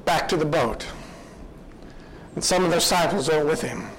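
A man's voice: on the high side, normal speed, a bit bright, a little hiss or hum, poor audio. A man preaching a sermon, retelling a story in an earnest, reflective way.

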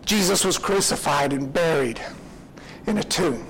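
A man's voice: on the high side, animated, measured pace, fairly bright tone, slight background noise, poor audio. A man preaching a sermon, retelling a story in an earnest, reflective way.

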